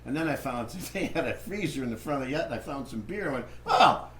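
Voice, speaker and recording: Man, Boston accent, rapid talker, wry and profane, faint room hum. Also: medium pitch, expressive. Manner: fast, profane, wry storytelling. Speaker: comedian guest. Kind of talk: anecdotal chat.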